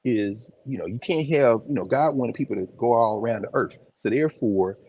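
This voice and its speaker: A man giving an informal, animated lecture on location in a museum, talking conversationally with emphatic asides. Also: medium pitch, brisk, breathy edge. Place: museum, indoors.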